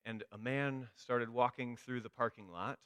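A man's voice: mid-range voice, steady tone, measured pace, a bit bright, smooth, no echo. A man giving a sermon, telling a story with dry humor. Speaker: preacher.

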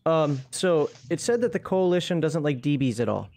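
A man's voice: a little high, animated, moderate pace, darkish tone, a little hiss or hum. A man hosting a tabletop game live stream in casual chat, easygoing and chatty while sick.

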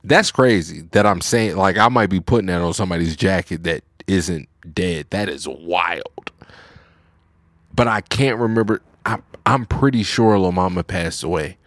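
A man's voice: low-pitched, moderate pace, fairly bright tone, no echo. A man chatting casually, rambling through a story with lots of filler words. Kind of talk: casual chat.

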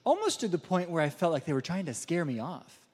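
Guy preaching, kinda high voice, tells stories on himself and laughs a lot, echoey big hall. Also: big pitch swings, brisk, darkish tone, slightly rough. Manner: chatty and self-deprecating, laughing often. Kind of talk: storytelling sermon. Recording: long reverb of a large hall.

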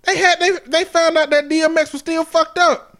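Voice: very high voice, little pitch movement, normal speed, fairly bright tone. A co-host in casual chat, joking playfully and spinning silly stories while laughing mid-sentence.

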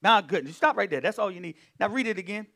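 High, lively, bright-voiced fervent pastor. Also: male voice, fast, creaky. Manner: fervent, exclaiming and humming between points; calls on the congregation to respond. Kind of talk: sermon.

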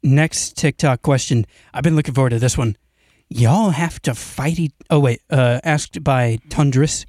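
A young man in casual chat with friends, laid-back and deadpan as he jokes. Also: medium pitch, measured pace, no echo, studio quality.

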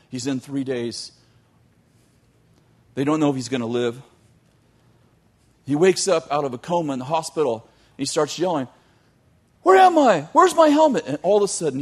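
A man telling a long story in a sermon, animated, with joking asides to his audience. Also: mid-range voice, husky. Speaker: youth teacher.

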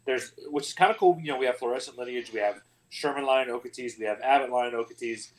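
A man's voice: mid-range voice, quick pace, rough recording. A man hosting a casual podcast round table, rambling and self-deprecating. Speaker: podcast host.

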